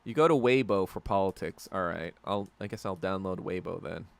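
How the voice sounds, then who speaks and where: A man's voice: deep voice, a little fast, creaky, clean tone. A man hosting a casual solo podcast chat, ranting with constant swearing and trailing off into fillers and restarts. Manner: profane ranting, heavy swearing. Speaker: podcast host.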